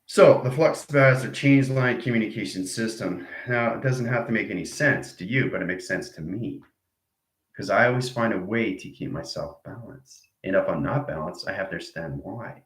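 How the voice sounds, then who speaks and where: A man's voice: on the low side, normal speed, echoey room, poor audio. A man giving a rambling spiritual lecture, repeating abstract jargon and checking in with his listeners. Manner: acts out arguing inner voices. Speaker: self-styled spiritual teacher.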